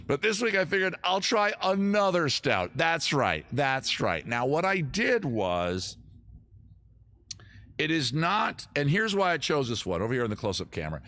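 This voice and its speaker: A man's voice: on the high side, big pitch swings, unhurried, pauses often, a bit bright. A middle-aged man hosting a casual livestream, joking and rambling in a self-mocking way. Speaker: host of a livestream music and beer show. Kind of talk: casual livestream chat and singing with guitar.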